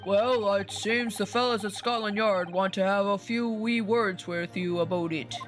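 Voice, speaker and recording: A woman voicing stern, formal male officials, a prison governor and a judge, speaking in a commanding, measured way. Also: mid-range voice, fairly even intonation, soft background music, close to an everyday voice. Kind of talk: voicing game dialogue on a live stream.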